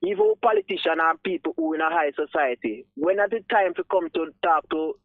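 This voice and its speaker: A man with a Jamaican accent calls in to a radio show, and his voice comes through a tinny phone line. He speaks earnestly and with emphasis, moving between patois and English in a slightly higher voice. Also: big pitch swings, brisk, dry recording. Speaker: caller. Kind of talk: casual talk radio call.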